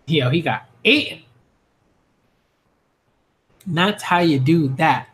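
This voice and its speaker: Male manga reviewer, slightly high voice, reads panels aloud and cheers loudly during a live reaction. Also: very slow, long pauses. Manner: excitable, reads panels aloud, shifts between cheering and hushed reading.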